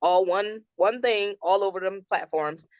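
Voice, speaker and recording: A woman's voice: medium pitch, unhurried, clean tone, no room sound. A chatty woman telling family stories on a podcast, laughing often as she goes. Her voice sits mid-range, and the recording is dry and a little dull and lo-fi. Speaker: podcast guest, mother. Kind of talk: casual storytelling interview.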